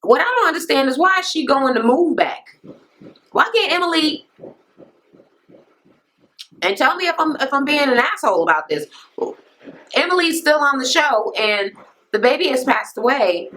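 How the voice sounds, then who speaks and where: A woman vlogger giving a blunt, profane, animated rant while recapping a reality TV episode and acting out what the people said. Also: sits high, normal speed, pauses often, low-quality recording. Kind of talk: casual ranting recap.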